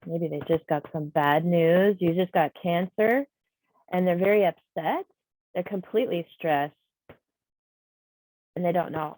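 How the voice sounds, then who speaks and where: This clip has a lowish, somewhat dark female voice with lively intonation, moving at normal speed but pausing often, captured in poor audio. She's a sign language interpreter speaking aloud for a deaf trainer on a video call, explaining patiently and conversationally in a live training session.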